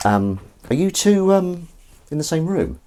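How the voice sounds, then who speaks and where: A man's voice: fairly high pitch, sing-song, unhurried, warm tone, a little hiss or hum. A man hosting a comedy livestream from his kitchen sink, chatting and reading out viewer comments in a rambling, self-mocking way while washing up. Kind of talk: casual chatty livestream banter. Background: clinking dishes and running water.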